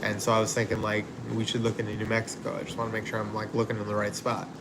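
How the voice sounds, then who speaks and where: A man's voice: on the low side, monotone, racing. An easygoing man chats on a casual livestream, rambling from one thought to the next and laughing easily. He sits outdoors, and a faint hiss of noise sits under his voice. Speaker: livestream host. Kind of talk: casual livestream chat, reading viewer comments.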